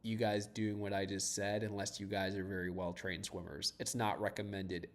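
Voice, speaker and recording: A man's voice: mid-range voice, darkish tone. Chatty man rambling while he codes. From US, south of Boston. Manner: rambling and chatty, laughs often, swears casually. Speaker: startup founder coding on a livestream. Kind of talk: casual live-stream chat while coding.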